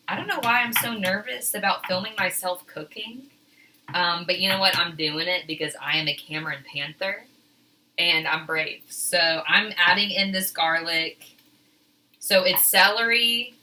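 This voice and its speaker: A woman's voice: on the low side, sharp tone, slight background noise. A woman teacher talking casually through a home cooking demonstration in her kitchen, chatty and a bit flustered, poking fun at herself. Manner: chatty, self-deprecating, flustered. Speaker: teacher filming a cooking video.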